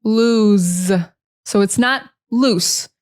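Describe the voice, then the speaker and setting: A woman from Maine with an American accent, teaching English pronunciation and repeating words slowly and carefully, syllable by syllable. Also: medium pitch. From Maine, USA. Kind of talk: pronunciation lesson.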